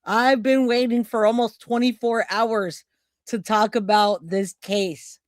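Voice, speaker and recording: A woman's voice: fairly high pitch, fairly even intonation, slow, no echo. A woman hosting a casual live stream, chatting and rambling as she greets viewers by name. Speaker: livestream host.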